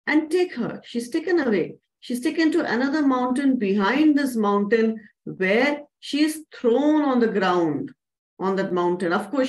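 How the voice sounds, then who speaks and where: A woman narrating a children's story to a young audience in an animated way, asking them questions. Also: a little high, rough recording.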